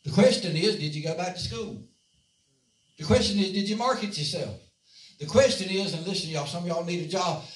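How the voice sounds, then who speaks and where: Preacher guy with a high voice, asks the room for amens, echoey church mic from far off. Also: fairly quick. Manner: call-and-response preaching, asks the congregation for amens. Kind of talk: sermon. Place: church sanctuary.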